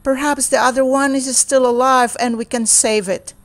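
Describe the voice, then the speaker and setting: A woman voicing a group of brave grown men who rally their friend, eager and loud. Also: high-pitched, fairly even intonation, moderate pace, voice pushed up.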